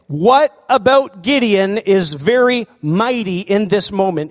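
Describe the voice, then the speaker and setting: High-voiced man preaching in a hall. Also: moderate pace, hardly any pauses. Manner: animated preaching, asks the crowd questions. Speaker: pastor. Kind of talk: sermon.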